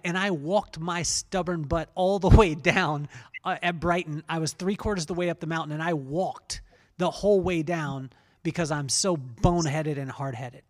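A man's voice: a little high, moderate pace. A man in his forties hosting a podcast, telling casual, self-deprecating stories with many restarts. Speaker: podcast host. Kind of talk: casual storytelling interview.

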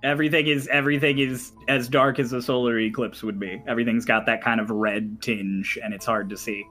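A man's voice: medium pitch, fairly even intonation, brisk, bright, forceful tone, soft background music. A man narrating a tabletop game as game master, in a loose, chatty way with many fillers.

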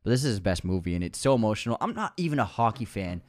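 A man's voice: lowish voice, sing-song, racing, darkish tone, no echo. Gushing young man, dry close sound. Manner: gushing, laughs often, exclaims "oh my God". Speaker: podcast co-host. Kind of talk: casual film chat.

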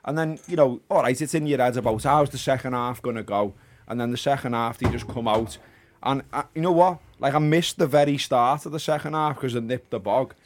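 A man of middling pitch talks through a match as a football podcast co-host. He sounds chatty and reflective and is easily amused. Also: fairly quick, a little hiss or hum. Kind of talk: casual chat, match review.

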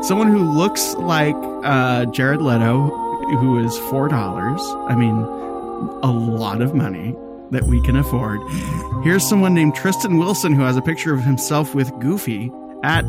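A middle-aged man co-hosting a podcast in casual chat, rambling and laughing often while he looks things up. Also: medium pitch. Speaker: podcast co-host.

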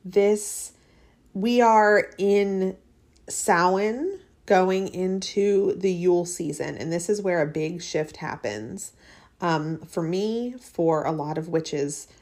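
A woman's voice: on the low side, darkish tone. Chatty heartfelt woman podcaster. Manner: heartfelt, chatty, many fillers and restarts. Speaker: podcast host. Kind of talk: casual personal monologue.

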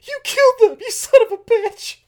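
A man voicing a perky young woman scientist, speaking in a breathless, high-pitched squeal. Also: normal speed, fairly bright tone. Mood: furious.

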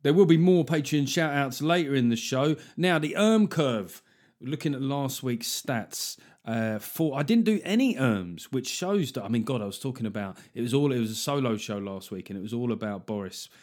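On his solo podcast, a man rambles in a chatty, jokey way, wandering into asides and little acted-out quotes. He sounds animated and a little mellow, with a medium pitch and a moderate pace.

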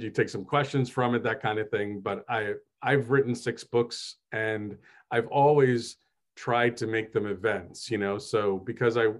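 Man from New Jersey, fairly low voice, rambling casual storyteller, lots of fillers. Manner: chatty, self-deprecating, many fillers. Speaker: podcast host and author.

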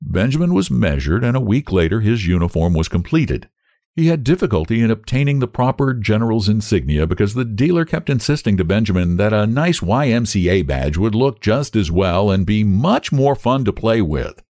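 A man narrating a story aloud with expressive storytelling. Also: on the low side, moderate pace, no echo, clean studio sound. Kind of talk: audiobook narration.

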